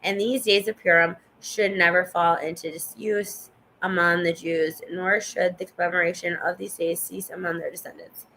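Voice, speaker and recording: Woman reading scripture with a gravelly edge. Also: lowish voice, steady tone, normal speed, sharp tone, a little hiss or hum, rough recording. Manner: stumbles over names, chatty asides to the viewer. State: coughing and yawning. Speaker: Bible reader. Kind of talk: casual scripture reading aloud.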